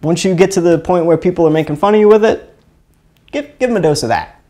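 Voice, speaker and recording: A man from Mississippi, hosting a casual live stream and teaching in a rambling, chuckling way with halting restarts. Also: high voice, warm tone. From Mississippi, USA. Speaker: host of an energy healing live stream.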